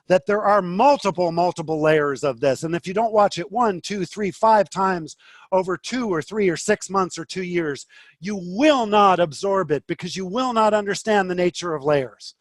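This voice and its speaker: A man's voice: high-pitched, moderate pace, dry recording. A man leading an online trading class, answering questions bluntly and with growing impatience. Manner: blunt, impatient, rising to frustrated. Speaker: trading instructor. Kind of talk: live online teaching session.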